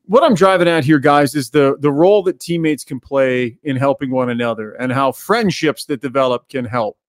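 A man's voice: mid-range voice, normal speed, no echo, studio quality. A man hosting a sports radio show, setting up clips and tossing to his co-hosts in casual talk. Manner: leads the segment, sets up clips. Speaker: radio host.

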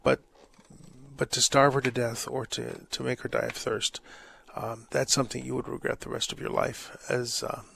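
A man's voice: medium pitch, level tone, normal speed, a bit bright. A man, a priest hosting a call-in radio show, giving earnest pastoral advice with jovial asides. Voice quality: gravelly. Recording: dry close studio mic.

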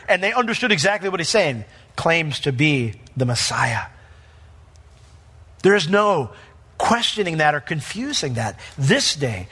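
Bright-voiced animated male pastor. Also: fairly high pitch, big-room sound. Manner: animated, conversational, acts out quotes. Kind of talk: sermon.

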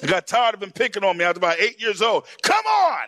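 A man pastor preaching a sermon through animated storytelling, with shouted punchlines and laughter along the way. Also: sits high, racing.

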